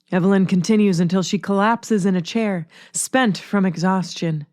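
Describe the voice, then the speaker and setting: A woman reading a story aloud in a steady, plain narrating manner. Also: mid-range voice, normal speed, few pauses, dry recording, studio quality.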